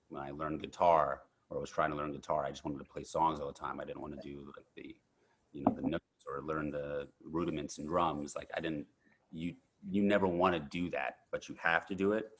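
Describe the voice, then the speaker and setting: A man in his thirties with a very deep, low voice tells rambling stories as an interview guest. He restarts sentences often and fills pauses with casual fillers. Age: 30s. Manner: animated anecdotes with many fillers and restarts.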